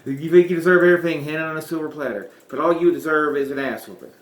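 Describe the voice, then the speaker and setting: A man's voice: on the high side, quick pace, pitched above the performer's own voice, close to an everyday voice. A man putting on the voice of an angry older male wrestling commissioner, scolding in a snarling rant. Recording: roomy echo.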